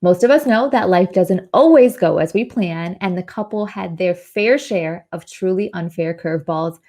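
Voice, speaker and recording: A woman hosting a charity livestream and interviewing a guest, effusive and gushing, quick to laugh. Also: lowish voice, dark tone. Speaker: host.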